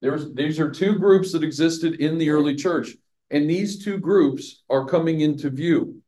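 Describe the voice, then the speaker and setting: A man's voice: fairly high pitch, normal speed, dark tone. A man teaching a Bible passage verse by verse, chatty, asking his listeners questions and laughing at his own jokes. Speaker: pastor teaching a Bible study.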